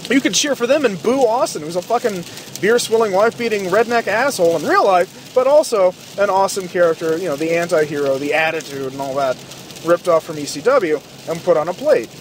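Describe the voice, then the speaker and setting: A man with a high-pitched voice rants in fast, heated commentary, swearing freely and dripping with sarcasm. Faint noise sits behind his talk. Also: lively intonation. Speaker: podcast host. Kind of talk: profane ranting commentary.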